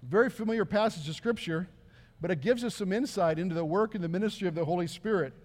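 High-voiced older male pastor preaching. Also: fast, in a large hall. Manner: conversational, animated preaching with acted quotes. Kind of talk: sermon. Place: church sanctuary.

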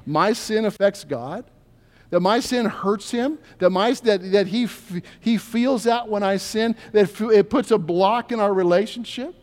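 A man's voice: high-pitched, measured pace, a little mellow. A man preaching a sermon to a congregation, earnest, acting out prayers and God's answers in quoted voices. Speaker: pastor. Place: church sanctuary. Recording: long church reverb.

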